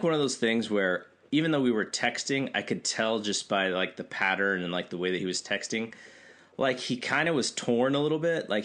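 A man's voice: lowish voice, a bit bright. A middle-aged man co-hosting a podcast, telling a story in a rambling way with lots of fillers. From California. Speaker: podcast co-host. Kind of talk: casual chat.

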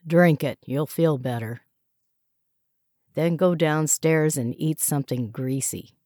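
A woman's voice: deep voice, slow, warm tone, dry recording, clean studio sound. A woman reading a story, voicing a smug husband who offhandedly mocks his hungover wife. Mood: teasing.

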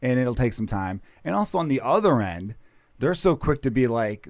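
An American man hosting a podcast, telling stories in an animated, profane, casual way. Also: mid-range voice, moderate pace, dry recording. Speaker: podcast host.

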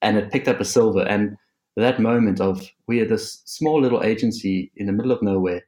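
Laughing South African man, lowish voice. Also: brisk, darkish tone, low-quality recording. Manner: laughing, swearing, rambling with many fillers. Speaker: interview guest. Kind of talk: casual interview chat.

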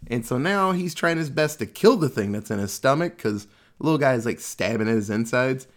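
A man's voice: medium pitch, lively intonation, fairly quick. A man casually recapping a movie plot in a loose, jokey way, swearing freely.

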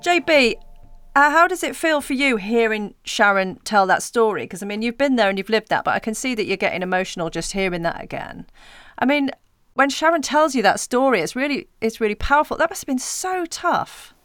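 Woman podcast host, kinda high voice, dry sound, reacts warmly. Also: lively intonation, fairly quick, clear, resonant tone, no echo. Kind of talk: casual chat.

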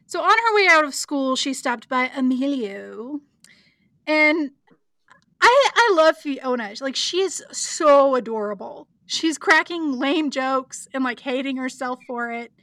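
High bright gal recapping a show, giggly and chatty, dry close sound. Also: female voice, lively intonation, measured pace, no room sound. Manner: chatty, giggly, lots of likes and ums. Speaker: podcast co-host recapping an episode. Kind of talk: casual chat.

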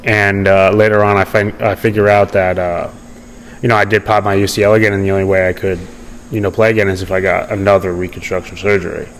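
Young male podcast guest, casual, restless restarts, slightly low voice, light background noise. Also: little pitch movement, fast talker, poor audio. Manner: rambling, many fillers and restarts. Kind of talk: casual storytelling interview.

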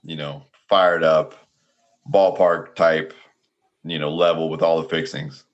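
A man's voice: very deep voice, steady tone, measured pace, lo-fi sound. A man co-hosting a casual sports and beer podcast, talking in a rambling, joking way with lots of fillers. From United States. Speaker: podcast co-host. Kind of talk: casual chat.

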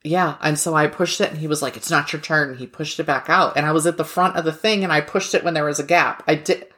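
A woman's voice: low voice, steady tone, fast talker, fairly bright tone. A middle-aged woman in casual chat, speaking frankly and swearing now and then.

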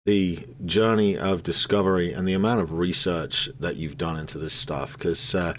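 Deep-voiced laid-back male podcast host. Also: fairly even intonation, normal speed, slight background noise. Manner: laid-back, swears casually, says "man" and "dude". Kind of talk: casual interview chat.

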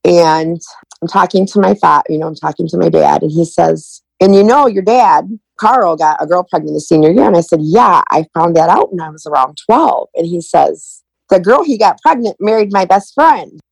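A woman's voice: on the low side, lively intonation, moderate pace, vocal fry, slightly rough, no room sound, poor audio. A middle-aged woman telling her family story in an interview, retelling conversations in quoted dialogue. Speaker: guest.

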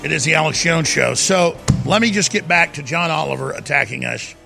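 A middle-aged man hosting a talk show, ranting and mocking, sometimes rising to a shout. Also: a little high, brisk, creaky, over music. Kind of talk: heated political talk show monologue.

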